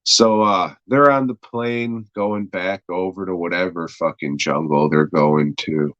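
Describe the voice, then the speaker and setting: Deep-voiced guy rambling thru a plot recap, swears a ton, dry close mic. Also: a little slow, fairly bright tone, no echo, highs cut off. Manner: rambling, crude, heavy swearing, lots of uh. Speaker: podcast host reviewing an episode.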